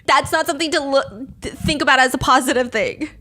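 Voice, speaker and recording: A woman with a somewhat high voice hosts a podcast and retells dating-show drama in a blunt, gossipy way. She talks casually and comments with plain-spoken judgment. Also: a little fast, bright, forceful tone. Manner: gossipy and blunt, acts out quotes with laughs. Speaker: podcast host.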